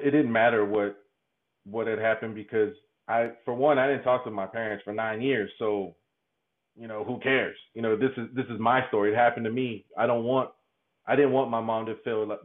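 A man giving a candid interview, talking haltingly, repeating words and laughing often. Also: on the low side, fairly even intonation. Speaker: podcast guest. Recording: tinny phone-like line.

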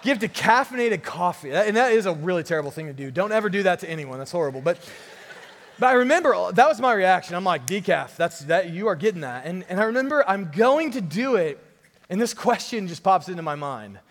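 A young man preaching a sermon, telling a story with lively, playful sarcasm. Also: sits high, a little fast, big-room sound. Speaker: pastor.

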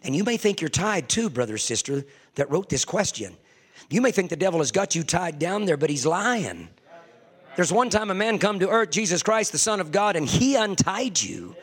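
A man preaching a sermon fervently, swinging from hushed confession to ringing shouts. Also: sits high, big pitch swings, moderate pace, husky.

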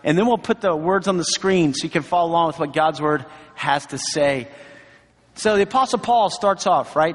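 Preaching in a church sanctuary, this middle-aged pastor has a high, fairly bright voice carried by long hall reverb. His sermon is storytelling, earnest and encouraging, full of asides such as "right?" and "you know."

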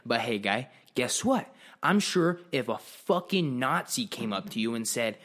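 A man's voice: medium pitch, very animated, a little slow, fairly bright tone. A young man hosting a podcast, talking in a brash, profane rant and calling his guest dude and bro. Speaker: podcast host. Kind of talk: casual podcast chat.

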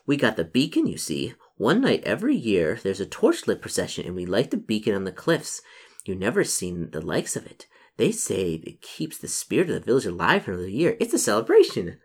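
A man's voice: lowish voice, huge pitch swings, fairly quick, slightly rough, heavily acted. A man voicing a chatty, hospitable village landlady without putting on an accent. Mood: friendly.

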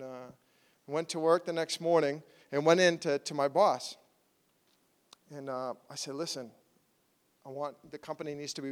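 A man giving a sermon testimony in animated storytelling style, acting out his own quotes, at times loud and at times soft. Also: fairly high pitch, long reverb tail. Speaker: preacher sharing a testimony.

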